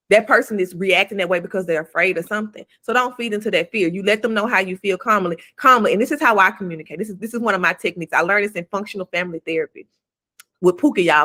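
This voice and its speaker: A woman's voice: medium pitch, pushed and bright. A woman co-hosting a podcast, giving blunt, emphatic advice in casual talk and swearing freely. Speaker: podcast co-host.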